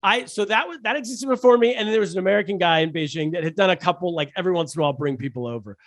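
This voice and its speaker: A man, a stand-up comedian, telling animated, jokey stories as a podcast guest, with many restarts. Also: high-pitched, racing, dry recording, studio quality. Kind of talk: casual podcast storytelling.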